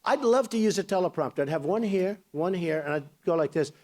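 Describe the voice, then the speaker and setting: A man's voice: high voice, animated, brisk, darkish tone. A man in his sixties giving a campaign speech as a political candidate, boastful and rambling in a conversational way.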